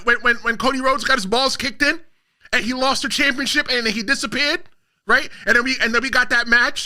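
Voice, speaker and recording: A man hosting a casual podcast, talking emphatically and cutting in on his co-hosts. His voice sits high and rings with a very bright, forceful edge. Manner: emphatic, talks over others, reads chat aloud. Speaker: podcast host and wrestler.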